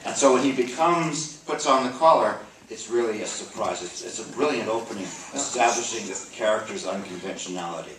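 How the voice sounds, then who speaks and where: A man's voice: lowish voice, a little fast, hardly any pauses, background noise. A man interviewing a guest on stage, putting leading questions and speaking straight to the audience. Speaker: interviewer and moderator. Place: theater stage before an audience. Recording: echoey hall, mic from far off.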